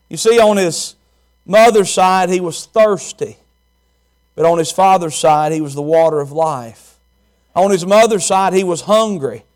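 A man preaching a folksy, animated sermon and quizzing the congregation. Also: high-pitched, moderate pace. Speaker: pastor.

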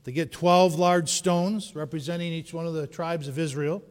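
High-voiced preacher in a reverberant hall. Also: male voice, steady tone, moderate pace. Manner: dramatic storytelling, swinging from shouts to hushed tones. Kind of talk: sermon. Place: church sanctuary. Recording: long reverb of a large hall.

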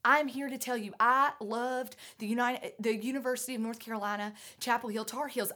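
A woman preaching a sermon, out of breath, earnest and emphatic, moving between loud urging and hushed lines. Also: a little high, normal speed.

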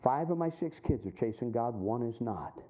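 A middle-aged man preaching a sermon, telling a story with acted-out voices and dropping low and quiet for his points. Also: expressive, normal speed. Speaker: pastor. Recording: tinny phone-like sound.

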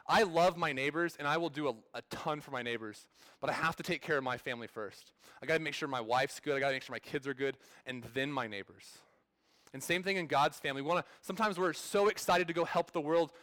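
A man's voice: on the high side, fairly bright tone, dry recording. A man in his thirties preaching a sermon as pastor, in a conversational way that restarts and repeats words.

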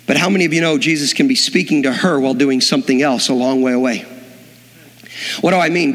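A man's voice: on the high side, a bit bright. A man preaching a sermon, telling the story dramatically and acting out the voices of the people in it. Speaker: pastor. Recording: long hall reverb.

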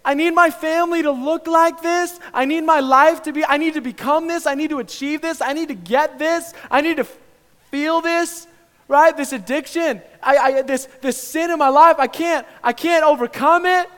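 A man's voice: very high-pitched, normal speed, a bit bright, long reverb tail, pitched above the performer's own voice. A man voicing a terrified son pleading frantically with his father in a sermon. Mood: panicked.

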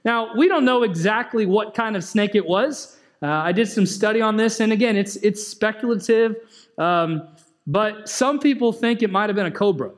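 A man's voice: high-pitched, moderate pace. A man preaching a sermon in a conversational way, asking the congregation questions and joking with them. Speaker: pastor.

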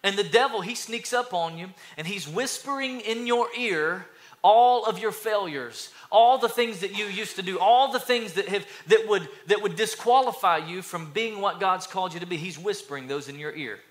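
A man pastor preaching a sermon to his church, energetic, repeating phrases and telling stories. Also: high voice, fairly quick, hardly any pauses. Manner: energetic preaching with repetitions and storytelling.

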